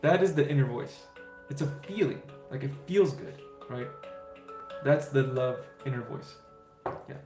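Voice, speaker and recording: A man's voice: medium pitch, unhurried. Man, livestream host, casual Q&A, reassuring, easygoing, roomy echo, faint background music. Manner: easygoing and reassuring, many fillers and "right?" tags. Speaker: spiritual livestream host answering chat questions.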